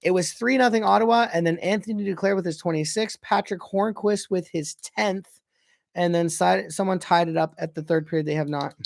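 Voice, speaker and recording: A young fan calls a hockey game play-by-play, casual and excitable, and keeps correcting himself about who has the puck. He's unsure of player names. His brisk voice is slightly high with a gravelly edge, recorded dry and close without echo.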